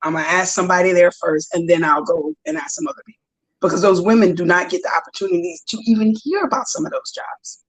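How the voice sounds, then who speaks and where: A woman's voice: fairly low pitch, fast talker, poor audio. A woman who coaches strength and conditioning talks as a guest on a podcast. She tells stories with energy, bringing other people's words to life as she speaks. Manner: lively storyteller, acts out quoted dialogue. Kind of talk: casual interview.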